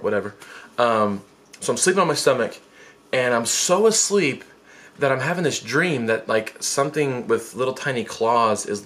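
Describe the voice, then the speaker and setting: Brief: a man in his 20s, comic storytime vlogger, lively and self-mocking, quick squeaky jumps in pitch for quotes.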